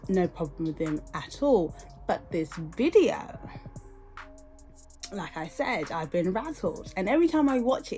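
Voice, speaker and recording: A young British woman hosting a podcast, reacting in an animated, indignant way and talking straight to her listeners. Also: fairly low pitch. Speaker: podcast host. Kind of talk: casual podcast commentary.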